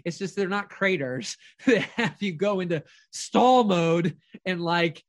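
A man's voice: sits high, a little slow, dry recording. A middle-aged man coaching a caller in an earnest, affirming way, speaking in firm declarations. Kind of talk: motivational coaching call.

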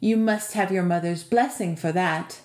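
A woman's voice: on the low side, normal speed, a little mellow, close to an everyday voice. Brief: woman reader doing a wary, blunt old housekeeper, roomy sound. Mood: warning. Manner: blunt, warning. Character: suspicious old woman servant, blunt and kindly.

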